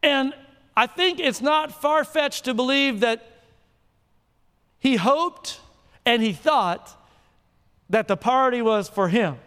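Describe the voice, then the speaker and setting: High-voiced preacher in a hall. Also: male voice, takes it slowly, long pauses, fairly bright tone, clear, resonant tone. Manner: conversational, playful, asks the crowd questions. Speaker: pastor. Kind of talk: sermon. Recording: reverberant hall.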